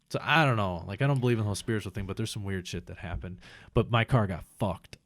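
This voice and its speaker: Male podcast guest, low register, swears a lot, animated casual storyteller. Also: quick pace, no echo, studio quality. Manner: profane, rambling, animated retelling.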